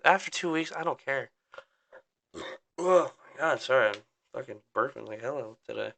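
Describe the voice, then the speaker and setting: Rambling young man, bright clear voice. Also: mid-range voice. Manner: rambling, swears a lot, full of "like"; downbeat, venting. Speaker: podcast host. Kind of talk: casual rant.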